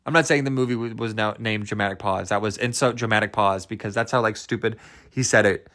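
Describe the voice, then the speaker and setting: A man's voice: fairly low pitch, fairly even intonation, fast talker, fairly bright tone, dry recording, studio quality. A young man hosting a solo podcast, rambling in a goofy, self-amused way and laughing at his own jokes. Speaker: podcast host.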